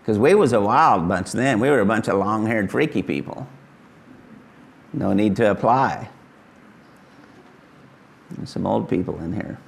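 A man's voice: expressive, unhurried, gravelly, long pauses, a little hiss or hum. An older man from Kansas, giving an earnest, folksy testimony sermon as a pastor. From Kansas, USA. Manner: earnest, folksy, rises high when voicing Jesus.

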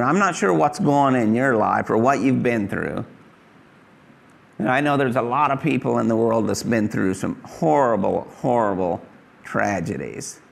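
Gravelly-voiced man preaching a sermon. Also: mid-range voice. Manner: emphatic preaching, acts out pleading prayers. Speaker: pastor.

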